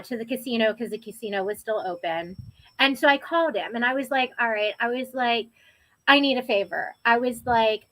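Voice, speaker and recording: A young woman telling her own story in a casual, animated way, acting out what people said. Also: on the high side, noisy background. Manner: animated, quotes people in raised voices.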